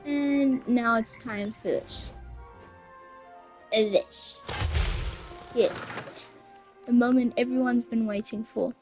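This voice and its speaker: A woman's voice: fairly high pitch, slow, pauses often, a little mellow. A woman commenting on her own gameplay in a chatty way, with self-mocking asides. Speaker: gamer. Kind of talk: let's play commentary. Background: faint game music.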